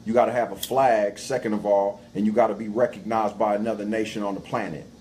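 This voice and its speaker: A man's voice: fairly low pitch, fairly even intonation, quick pace, a little mellow, slight background noise, low-quality recording. A man appearing as a guest on a livestream talk show, lecturing in an emphatic, preachy way and speaking in street slang.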